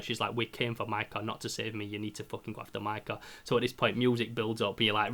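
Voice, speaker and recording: A man's voice: medium pitch, little pitch movement, quick pace, few pauses, bright, forceful tone. A young man, retelling a game plot in casual podcast chat, swearing often and mimicking gunfire. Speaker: podcast host.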